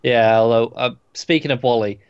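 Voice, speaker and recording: A man co-hosting a podcast in casual chat, halting and repeating words as he gets going. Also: medium pitch, steady tone, smooth, no echo, muffled recording. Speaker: podcast co-host.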